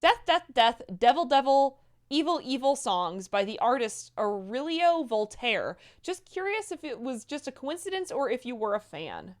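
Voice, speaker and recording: Lively-voiced woman reading chat messages. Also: fairly high pitch. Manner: reads donor messages aloud with quick laughs. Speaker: co-host reading viewer messages. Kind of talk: casual livestream chat.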